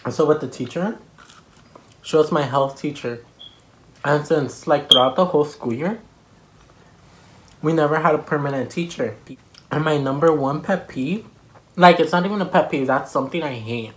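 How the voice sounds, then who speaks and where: A woman with a notably low voice tells a story in a heated, blunt and swear-filled way. She is hosting her own vlog and eating on camera at home. A faint hiss runs under the recording. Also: moderate pace, pauses often, low-quality recording. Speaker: vlogger host. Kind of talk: casual storytelling chat while eating.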